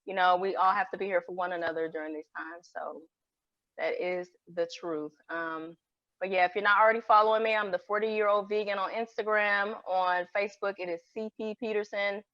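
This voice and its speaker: A woman's voice: medium pitch, fairly even intonation, fairly quick, no echo. A woman in her forties, a vegan cook talking casually as a podcast guest, effusive and eager to promote herself. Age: 40s. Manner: effusive, plugs her social media. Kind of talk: casual chat. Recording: dull, dry, lo-fi sound.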